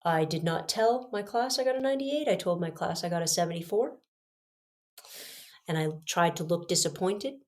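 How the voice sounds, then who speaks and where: A woman hosting a podcast, telling a personal story in an emphatic, lively way, swinging between punchy loud lines and hushed asides. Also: fairly low pitch, moderate pace. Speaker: podcast host.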